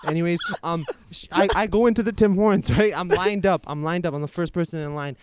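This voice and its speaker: A man's voice: high-pitched, fast, background noise. A young man telling a story in casual chat, profane and rambling, with a lot of filler and restarts.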